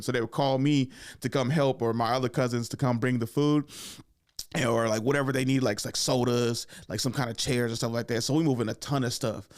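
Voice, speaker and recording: Animated young man telling a comic story. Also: brisk. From Oakland area, California. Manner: animated storyteller who acts out relatives in high, loud voices. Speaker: comedian and podcast host. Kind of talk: storytelling on a podcast.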